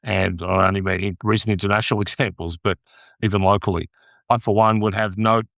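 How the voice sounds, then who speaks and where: A blunt, outspoken man with a lowish voice speaks his mind in a podcast interview. The sound is close and dry, with no room around it. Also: fairly even intonation, brisk, vocal fry, fairly bright tone, no echo. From Australia. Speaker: guest, lobbyist.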